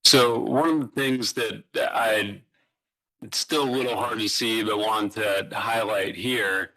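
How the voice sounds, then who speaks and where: Bright-toned man explaining utility tree trimming. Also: lowish voice, low-quality recording. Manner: halting, fillers and restarts, explanatory. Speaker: utility presenter. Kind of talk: public meeting presentation. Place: city hall meeting room.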